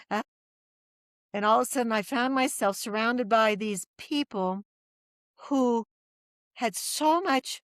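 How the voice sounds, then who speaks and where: In a clean studio recording without echo, a middle-aged woman with a medium-pitched voice recounts her story as a podcast guest. Lively throughout, she imitates the voices of the people she quotes.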